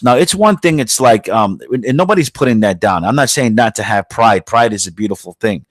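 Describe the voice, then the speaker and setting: A man's voice: medium pitch, animated, normal speed, few pauses, no echo. A man hosting a podcast, talking in a rambling, profane way with many fillers and restarts, from the United States. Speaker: podcast host. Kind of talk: casual podcast monologue.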